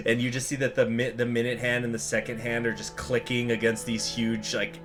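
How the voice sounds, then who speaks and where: A man casually commenting over his gameplay, thinking aloud and tossing in wry jokes. His voice sits at an average pitch, relaxed and conversational, with the easy flow of a regular game channel host. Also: fairly quick, hardly any pauses, faint music behind. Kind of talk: casual let's-play commentary.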